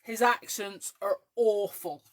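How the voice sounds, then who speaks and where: A chatty woman in her forties with a mostly English accent and a faint west of Scotland twang, talking in a medium-pitched voice. She hosts a crafting show and rambles casually as she works, dropping in plenty of ums. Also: steady tone, slow pace. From west coast of Scotland. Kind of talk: casual chat while crafting.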